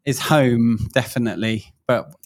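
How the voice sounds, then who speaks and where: A middle-aged man from Southeast London with a Mockney accent, a guest on a casual podcast, answering in a relaxed, hesitant way with many ums. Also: medium pitch, measured pace.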